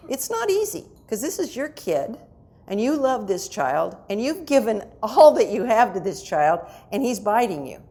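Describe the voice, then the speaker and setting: A middle-aged woman giving a conversational lecture to parents at a conference, with lively asides to the audience. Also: fairly high pitch, normal speed. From United States. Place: conference hall.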